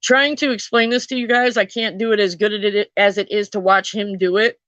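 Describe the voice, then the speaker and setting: A woman's voice: mid-range voice, steady tone, a little fast, fairly bright tone, dry recording, muffled recording. A woman telling a true crime story in a casual, chatty way, swearing freely and talking to her viewers.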